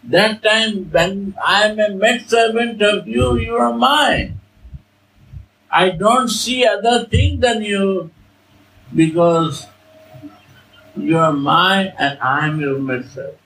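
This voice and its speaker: A man teaching a devotional class, explaining verses in earnest, halting and repetitive English. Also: sits high, fairly bright tone, echoey room, a little hiss or hum, poor audio. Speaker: spiritual teacher.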